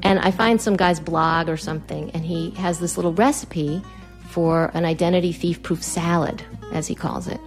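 A woman with a fairly low voice recounts a personal story with plenty of animation. She slips into her own quoted lines with quick jumps in pitch, and soft music sits faintly underneath. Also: fairly even intonation. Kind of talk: personal story told to an audience.

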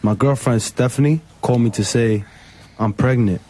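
A young man narrating his own story in a quiet, plain, reflective way. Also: medium pitch, normal speed, a little hiss or hum. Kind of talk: scripted documentary narration.

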